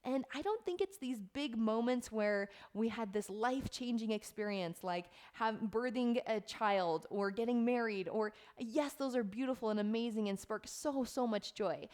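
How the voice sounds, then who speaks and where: A middle-aged woman life coach speaking earnestly to camera, soft and heartfelt, often repeating words for emphasis. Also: on the high side, moderate pace, hardly any pauses. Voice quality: earnest and heartfelt, close to tears at times. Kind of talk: reflective talk to camera.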